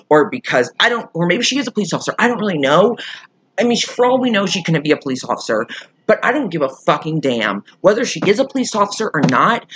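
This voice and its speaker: A YouTuber telling a storytime vlog while irate and upset, swearing a lot and swinging from loud outbursts to quiet muttering. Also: medium pitch, husky.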